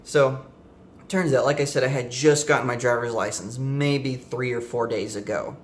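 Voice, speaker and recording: A man's voice: mid-range voice, fairly even intonation, normal speed, slight background noise. Rambling young man telling a story. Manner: rambling, many fillers and self-corrections. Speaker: vlogger. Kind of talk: casual storytelling to camera.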